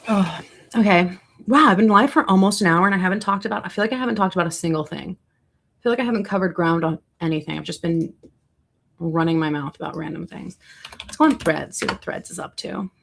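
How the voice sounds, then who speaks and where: Young woman rambling on her livestream, bit of vocal fry, chatting to viewers. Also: lowish voice. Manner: chatty, rambling, quick asides to chat. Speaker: livestreaming content creator. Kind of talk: casual livestream chat.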